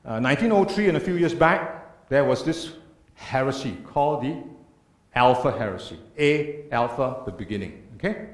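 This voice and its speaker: A man's voice: mid-range voice, animated, moderate pace. A man giving an earnest church talk, lecturing emphatically and asking rhetorical questions. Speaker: speaker. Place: church hall. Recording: echoey church room.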